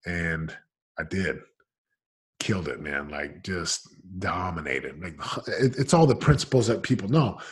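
A man's voice: deep voice, lively intonation, measured pace, husky. A man in his forties, a podcast guest telling his story candidly in an emphatic, casual, slangy way.

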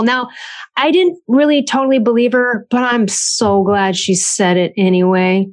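In a loose, casual podcast, a chatty woman author talks through parenting advice at normal speed. She's animated and conversational, and her pitch jumps up whenever she acts out what someone said.

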